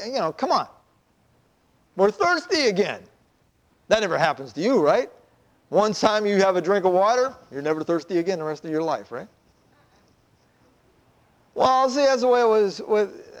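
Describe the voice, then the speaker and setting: A man preaching a sermon, telling a story in an animated way and acting out the voices of the people in it. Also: high voice. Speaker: pastor.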